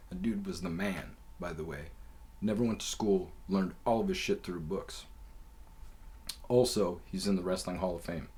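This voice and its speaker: A man hosting his own show, telling a rambling story in casual, profane talk full of fillers. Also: on the low side. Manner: profane, loose and conversational with many fillers. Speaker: podcast host.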